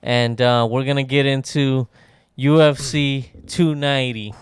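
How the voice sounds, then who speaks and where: Male podcast host, easygoing, loose, very smooth resonant voice. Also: mid-range voice, steady tone, a little slow, no echo, studio quality. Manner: laid-back, laughing, loose talk. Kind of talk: casual chat.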